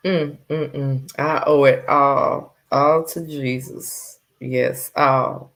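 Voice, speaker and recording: A woman's voice: very deep voice, steady tone, extremely slow. A woman hosting a casual live chat, talking in a heartfelt way and often repeating her phrases. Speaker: livestream host.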